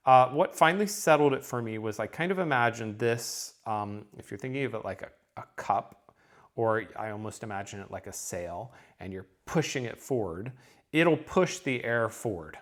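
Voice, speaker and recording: A man teaching a lesson, speaking at an ordinary middle pitch for a man. He explains step by step, pausing often with "um" and checking in with "okay?". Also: a bit bright. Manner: explanatory, with frequent ums and checking okays. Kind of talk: recorded lesson.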